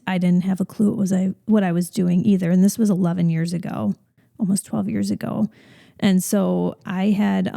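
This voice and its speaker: A woman in her thirties co-hosts a podcast, chatting casually and relatably. Her tone is very dark and mellow, with a gravelly fry running through it. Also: mid-range voice. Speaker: podcast co-host, fitness business owner. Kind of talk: casual chat.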